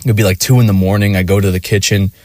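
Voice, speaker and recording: A man's voice: on the low side, little pitch movement, fast talker, darkish tone, dry recording, clean studio sound. A young man telling a casual, rambling story with lots of swearing and fillers. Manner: rambling, profane, many fillers. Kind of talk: casual rant.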